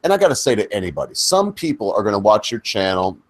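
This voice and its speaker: A man's voice: fairly low pitch, very animated, fast talker, no echo. A middle-aged man hosting a chat show, asking meandering questions and drifting into rants. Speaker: host. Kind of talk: casual chat.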